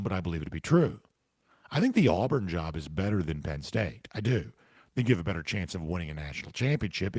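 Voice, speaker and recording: A man's voice: low voice, vocal fry, a little mellow, husky, no room sound. A man hosting a sports talk podcast, answering listener comments with casual, emphatic, opinionated commentary while he has the hiccups.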